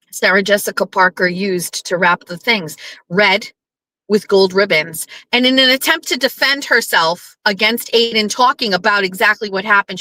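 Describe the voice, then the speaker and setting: A woman hosting a casual commentary show, telling stories in an animated way, acting out quotes and swearing bluntly. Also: mid-range voice, no room sound, rough recording. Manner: animated storyteller who acts out quoted lines, blunt and profane. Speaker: podcast host.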